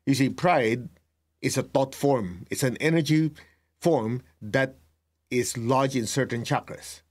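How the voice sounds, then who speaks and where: Man, middle-aged, meditation teacher, unhurried, measured teaching talk, mid-pitched voice. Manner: slow, deliberate, tells students to write things down; laughs at himself, acts out remembered exchanges.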